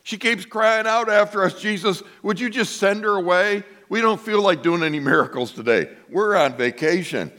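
A man's voice: high-pitched, moderate pace, hardly any pauses, pushed and bright, pitched above the performer's own voice. Whiny self-absorbed disciples voiced by a man, raised and complaining. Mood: whining. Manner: whining, complaining.

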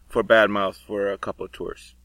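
A man's voice: lowish voice, level tone, normal speed, a bit bright, no echo, low-quality recording. Guest spot: middle-aged man, rambling and hesitant, dry close recording. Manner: rambling, hesitant with many fillers. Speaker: podcast guest, musician. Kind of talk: casual chat.

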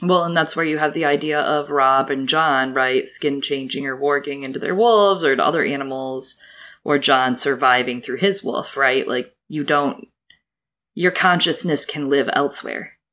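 A woman co-hosting a podcast in playful, animated casual chat. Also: extremely low pitch, moderate pace. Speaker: podcast co-host.

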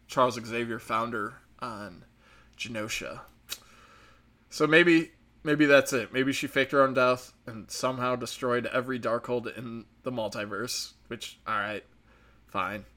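Male reviewer, casual rant, bright tense tone, crude and mocking. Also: mid-range voice. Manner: profane, sarcastic, mocking impressions. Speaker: movie reviewer.

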